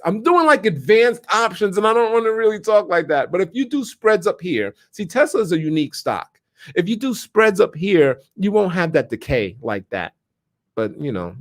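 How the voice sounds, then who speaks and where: A man giving a casual, conversational live-stream lesson on trading options. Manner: conversational, chatty, lots of "right?" and restarts, animated pitch. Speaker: stock options trader and streamer.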